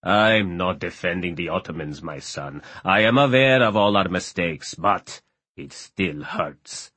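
A trembling, deep old pasha, as a male narrator puts him on, proud and bitter, speaking slowly in a husky, low voice. The audiobook reading sounds dry and close, with lively rises and falls in pitch. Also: dry recording, heavily acted. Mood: sorrowful. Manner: slow, heavy, sorrowful. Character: elderly grieving Turkish pasha, proud and bitter. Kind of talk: audiobook character voice.

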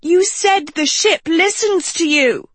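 Storybook role: a woman reading a vain teen girl, high, squawking, whiny, slow. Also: no echo. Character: shrill dramatic teenage girl, vain and whiny.

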